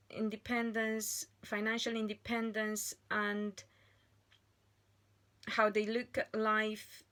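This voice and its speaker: A woman giving a tarot card reading in a slow, earnest monologue, pausing often and restarting her phrases. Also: a little high, sharp tone. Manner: slow and deliberate, with frequent pauses and restarts. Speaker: tarot reader.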